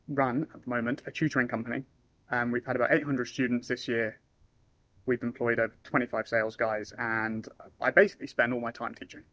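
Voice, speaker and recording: A young man giving casual sales advice, now and then acting out phone calls in lively voices. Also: medium pitch, no echo. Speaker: sales trainer. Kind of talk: casual talking-head advice.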